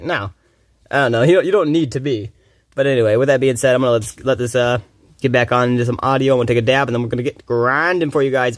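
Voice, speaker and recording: A fast, rambling male streamer, swearing freely while he talks over a game. The sound is dry and close, with hardly any room around his steady, mid-pitched voice. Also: no room sound. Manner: fast-talking, rambling, profane. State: groggy from little sleep. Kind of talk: casual rambling commentary.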